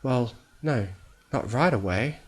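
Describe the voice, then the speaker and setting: A man reading a fan fiction audiobook, voicing a timid young female pony in a soft, raised voice. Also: expressive, takes it slowly, husky, poor audio. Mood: hesitant. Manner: soft, hushed, higher voice.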